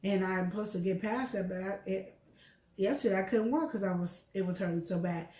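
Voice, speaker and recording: A woman's voice: medium pitch, fairly quick, roomy sound. A middle-aged woman co-hosting a show, chatting candidly about her health and telling stories with acted-out dialogue. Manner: candid, animated storyteller acting out dialogue. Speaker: show co-host. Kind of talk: casual health chat.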